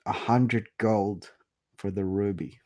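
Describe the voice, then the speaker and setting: A man narrating as game master, relaxed and hesitant with many fillers. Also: on the low side, slow pace.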